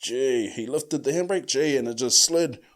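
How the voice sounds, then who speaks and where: A man with a New Zealand accent telling a story casually as a podcast host, full of slang and swearing, who acts out the quoted lines loudly. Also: medium pitch, moderate pace.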